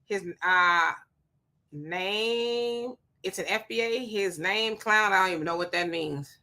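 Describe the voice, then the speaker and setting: Bright-voiced woman reading live chat. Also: mid-range voice, takes it slowly. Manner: blunt, talks back to commenters; reads chat messages aloud, greeting viewers by name. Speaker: livestream co-host reading viewer comments. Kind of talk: casual live-stream chat.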